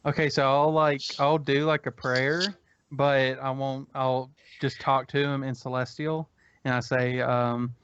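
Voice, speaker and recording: A man at a tabletop game casually describes what his character does, pausing on fillers. His smooth voice stays flat in pitch, and the recording is dull and lo-fi. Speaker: player.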